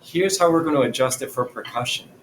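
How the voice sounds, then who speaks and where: A male music teacher giving a patient, clear drumming lesson in a classroom, chanting rhythms for his students. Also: mid-range voice, fast talker, roomy sound, slight background noise, rough recording. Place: classroom with a chalkboard.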